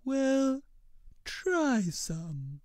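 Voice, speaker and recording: Woman reader voicing a very slow, dark-toned, polite storybook creature. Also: high voice, sing-song, no room sound, studio quality, pitched above the performer's own voice, full character voice. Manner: slow, measured and proper. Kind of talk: storybook character reading.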